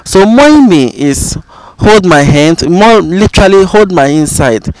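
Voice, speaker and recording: A man with a Ghanaian accent teaching a language lesson, saying each phrase slowly and repeating it several times. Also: high-pitched, expressive, no room sound.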